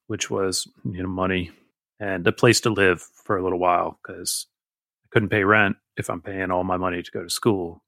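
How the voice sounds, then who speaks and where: A man's voice: fairly low pitch, fairly even intonation, moderate pace, a bit bright, no room sound, clean studio sound. A man in his forties, a guest who tells a rambling, candid, self-deprecating story in casual conversation.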